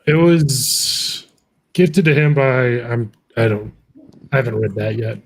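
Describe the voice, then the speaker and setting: Regular panelist: mid-pitched man, relaxed and wry, faint background noise. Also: slow. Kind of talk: casual chat.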